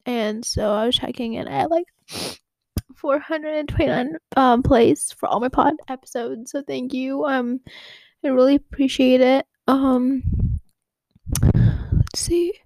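A woman's voice: fairly high pitch, mellow, no echo. Chatty young woman podcast host. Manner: chatty, many ums, emotional and grateful. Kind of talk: casual chat.

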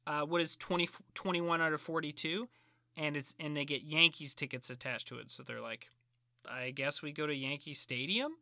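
A man co-hosting a casual movie podcast, retelling scenes with animated flair and acting out the lines. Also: on the high side, moderate pace, creaky, no room sound, studio quality. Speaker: podcast co-host. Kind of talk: casual movie recap chat.

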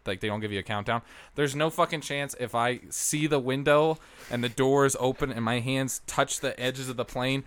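A young man co-hosting a podcast, telling stories in a casual, animated way and swearing freely. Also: mid-range voice, normal speed, clean tone. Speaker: podcast co-host. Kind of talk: casual chat.

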